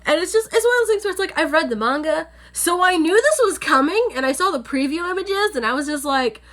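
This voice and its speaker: A woman's voice: very high-pitched, animated, brisk, a bit bright. A young woman casually recapping an anime episode on camera, chatty and full of fillers. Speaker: anime reviewer. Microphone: on-camera setup.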